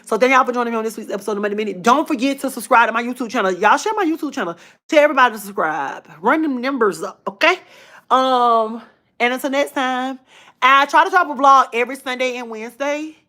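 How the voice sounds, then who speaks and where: A woman hosting her own livestream, telling a personal story in a lively, casual way, repeating phrases for emphasis. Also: a little high, fast. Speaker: livestream host.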